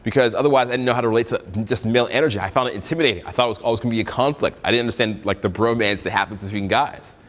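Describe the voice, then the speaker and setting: A young man giving a live seminar on dating and self-improvement to an audience, animated and direct, acting out quotes in funny voices. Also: medium pitch, very fast, hardly any pauses. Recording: hall reverb from a seminar room.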